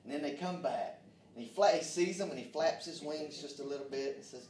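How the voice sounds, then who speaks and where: Folksy and fervent, a male pastor delivers his sermon at a brisk clip in a slightly high, somewhat mellow voice, often punctuated by amens. The recording is distant from the mic and carries a roomy echo.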